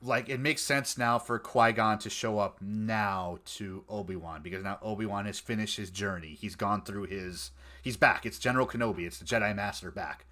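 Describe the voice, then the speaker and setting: Podcast co-host, male, lowish and bright, eager and rambling. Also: moderate pace. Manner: animated, stumbling restarts, quotes scenes in voices. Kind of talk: casual fan podcast chat.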